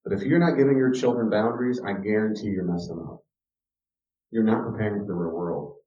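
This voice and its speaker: A middle-aged man giving a sermon-style teaching, animated, often acting out children's voices. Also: fairly low pitch, brisk. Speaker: pastor teaching a class. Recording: echoey room, dull lo-fi sound.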